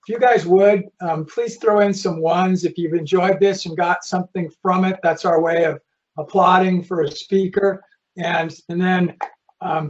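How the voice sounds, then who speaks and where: A man's voice: high voice, dull audio. Rambling man hosting a live webinar. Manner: friendly, reads audience questions, rambling asides. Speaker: host of a live online community session.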